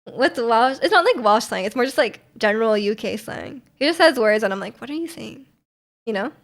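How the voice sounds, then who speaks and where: A woman's voice: fairly high pitch, animated, a little fast. A young woman livestreamer in casual chat, rambling and laughing often as she answers her chat.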